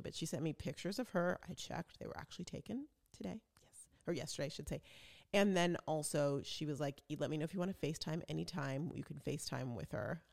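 Chatty gravelly-voiced woman. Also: low voice. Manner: chatty, animated storytelling with quoted voices. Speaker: podcast host. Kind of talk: casual chat.

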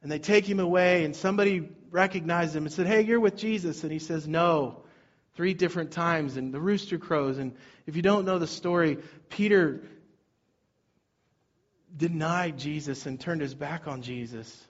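A man's voice: fairly high pitch, normal speed, dull audio. A man preaching a sermon in a conversational way, rising and falling in intensity. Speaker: pastor.

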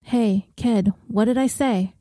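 A woman narrator voicing a blunt, troubled woman who talks in a wry, gruff, self-mocking way. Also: fairly high pitch, slow pace, warm tone, dry recording, clean studio sound. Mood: pleading.

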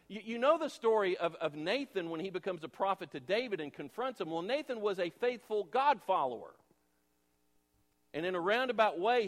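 High-ish voiced pastor guy preaching, lots of rhetorical questions, loud then hushed, big churchy reverb. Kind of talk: sermon. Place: church sanctuary. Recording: long reverb of a large church hall.

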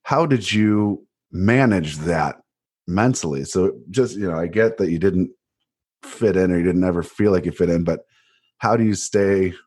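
Male host, very low and husky, reflective interviewer. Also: normal speed, a little mellow. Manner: thoughtful, rephrases questions as he goes. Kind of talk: conversational interview.

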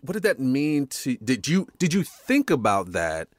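A man co-hosting a podcast, thoughtful and quick to laugh, often restarting his sentences. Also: mid-range voice, huge pitch swings, no room sound, clean studio sound. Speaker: podcast co-host. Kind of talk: casual conversation.

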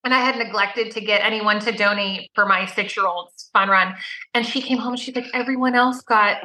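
A woman co-hosting a casual chat, dropping in quick, joking remarks. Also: mid-range voice, steady tone, pushed and bright, rough recording. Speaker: podcast co-host.

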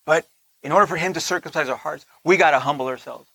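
A man giving a conversational sermon, often checking in with listeners with "right?", slowing down on key points and dropping into soft asides. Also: fairly high pitch, gravelly, breathy edge. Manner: slows down to stress points, laughs between lines. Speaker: teacher of a Torah portion.

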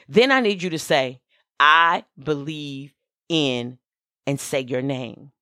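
A woman minister gives a motivational podcast talk in a low voice. She speaks slowly and deliberately, repeating her key lines and telling listeners exactly what to do. The sound is close and dry, with no room echo. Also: a bit bright. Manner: emphatic, repeats key phrases, gives direct instructions.

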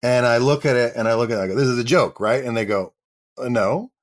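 A middle-aged male actor, a guest on an interview show, tells a funny anecdote, animatedly acting out the dialogue of the people involved. He speaks at a quick pace with a medium-pitched voice.

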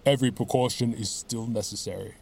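A man reading an audiobook, voicing a brisk, cool-headed middle-aged detective with a dry, measured manner. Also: medium pitch, gravelly, darkish tone, breathy edge, voice pushed down. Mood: urgent.

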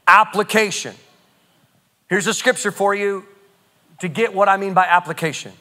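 A man preaching a sermon, emphatic and animated, often repeating phrases as he teaches. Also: high-pitched. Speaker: pastor.

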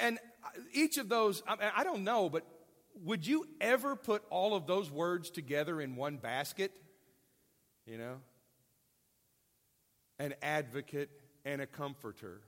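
Male pastor, sermon, animated and folksy, lively pitch, echoing hall. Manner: animated, folksy and self-deprecating with jokes.

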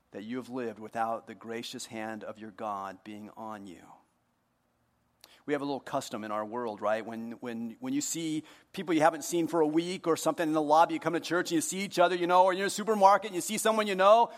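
A man preaching a sermon to his congregation, joking with them and moving between hushed earnest moments and loud, playful ones. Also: a little high, big-room sound. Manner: jokey, talks directly to the congregation. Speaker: pastor. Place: church hall.

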